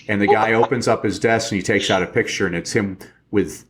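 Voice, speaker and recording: A man as a podcast guest, telling animated stories in casual chat and acting out the quotes. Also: fairly low pitch, fairly quick. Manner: animated storyteller, acts out quotes.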